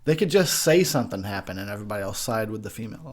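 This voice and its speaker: Brief: tipsy male host, profane rants, lots of laughter, pitch that swings all over. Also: expressive, rapid-fire. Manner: profane, ranting, laughs a lot. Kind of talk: drunk movie commentary.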